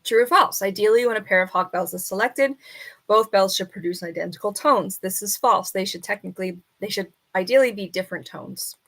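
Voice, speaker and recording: A woman on a casual live stream, reading quiz questions aloud and arguing with the answers, and now and then talking softly to her bird. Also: medium pitch, a little fast. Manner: chatty, reads questions then argues with the answers. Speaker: falconer streamer.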